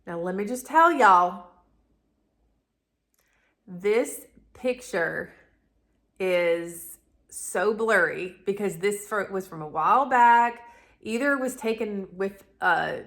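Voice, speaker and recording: Chatty woman, lowish voice. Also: a bit bright. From Southern United States. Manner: chatty, rambling, addresses viewers as y'all. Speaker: vlogger, channel host. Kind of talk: candid personal storytelling to camera.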